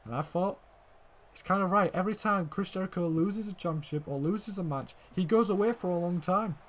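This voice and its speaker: Excitable young male wrestling commentator. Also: high voice, fairly quick. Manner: excitable, shouting when the action peaks, then calmer recap; repeats "ladies and gentlemen" often.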